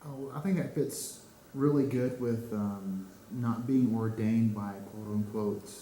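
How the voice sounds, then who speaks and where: A man from the congregation adds a hesitant comment, pausing on fillers as he looks for his words. His voice is low and mellow. The room around him is echoey, with a faint hiss. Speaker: congregation member.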